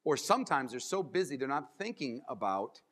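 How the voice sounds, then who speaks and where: A man giving a keynote as a motivational speaker, animated and acting out little scenes and voices. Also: mid-range voice, brisk, long reverb tail. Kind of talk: keynote speech. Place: large conference hall.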